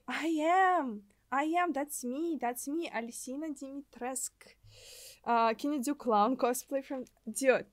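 A young woman from Russia, speaking English with a Russian accent, runs a casual game livestream and chats excitably with her viewers. Her voice sits high and bright, with lots of giggling between lines. The sound is dry and close on a desk mic, with no room around it. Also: dry recording. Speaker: streamer.

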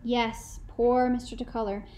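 A woman narrating a first-person novel in a measured, reflective storytelling manner. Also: on the high side, little pitch movement, dark tone, a little hiss or hum, poor audio. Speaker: audiobook narrator.

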